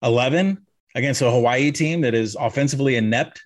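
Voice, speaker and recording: A man co-hosting a sports betting podcast, rattling off statistics with wry asides. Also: medium pitch. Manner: quick stats-heavy delivery, wry asides. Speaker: podcast co-host, betting analyst. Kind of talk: casual sports betting chat.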